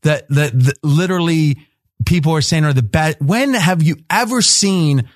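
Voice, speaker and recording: A man's voice: fairly high pitch, animated, no room sound, studio quality. Pushy, quizzing male sports host. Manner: pushy, rapid-fire questioning, interrupts. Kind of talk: sports betting roundtable chat.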